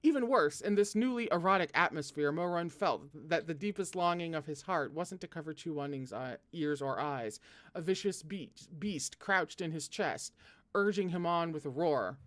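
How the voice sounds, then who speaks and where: A man with a higher-pitched voice hosts a read-along of a novel. His narration is animated, and he keeps breaking off to joke, laugh and comment before returning to the page. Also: normal speed. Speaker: host reading a novel aloud.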